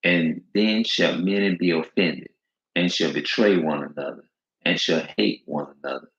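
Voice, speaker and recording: In a low, fairly bright voice at a normal pace, a male street preacher reads scripture aloud and preaches informally. His slangy delivery is emphatic and repetitive, leaning heavily on stressed words, captured in an echoey room with dull lo-fi quality.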